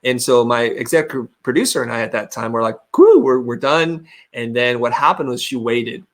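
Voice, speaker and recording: A man's voice: mid-range voice, fairly even intonation, fairly quick, a bit bright. A middle-aged man on a video call, telling stories candidly as a webinar guest, often restarting his sentences. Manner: candid, storytelling, frequent restarts. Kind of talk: webinar interview.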